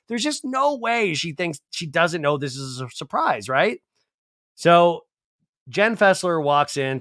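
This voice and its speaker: A man's voice: a little high, fairly bright tone, dry recording, studio quality. Chatty man recapping reality TV. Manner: chatty, acts out cast members' lines in mocking voices. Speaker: podcast host recapping reality TV. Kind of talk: casual comedic recap.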